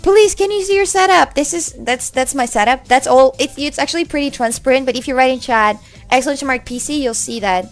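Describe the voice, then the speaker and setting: A young woman from Russia with a high, bright voice talks to her stream chat in English. She is loud and casual, swearing freely as she reads messages aloud. Faint music plays behind her. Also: brisk. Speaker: livestreamer.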